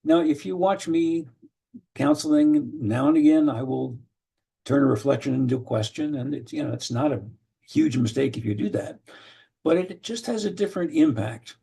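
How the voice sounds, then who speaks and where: An older man teaching an online session in a mellow, gravelly voice. He explains at an unhurried pace, full of small fillers and restarts. The tone stays husky and relaxed throughout. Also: fairly high pitch. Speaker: lecturer. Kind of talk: online training lecture.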